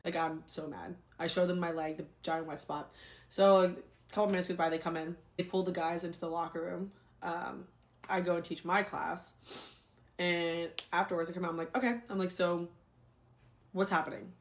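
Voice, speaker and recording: A young adult woman, a former teacher, telling a story in a casual, animated, exasperated way. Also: lowish voice, normal speed.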